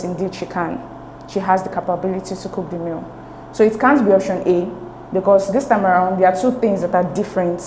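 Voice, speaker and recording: A woman teaching an exam-prep English lesson at a middle pitch, patient and methodical, pausing to check understanding. Her voice bounces around a reverberant room, with a faint hiss underneath. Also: darkish tone. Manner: patient, explains step by step with checking "okay?" and "right?".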